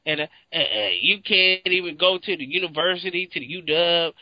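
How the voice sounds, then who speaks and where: A man from Seattle in casual chat, talking in an animated, profane way and acting out his own reactions. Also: sits high, brisk, no room sound. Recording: dull, lo-fi, dry sound.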